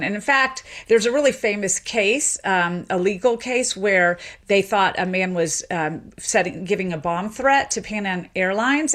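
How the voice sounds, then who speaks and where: Animated woman explaining accents. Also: medium pitch. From American South. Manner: animated, explanatory, laughs easily. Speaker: linguist guest. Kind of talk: radio interview.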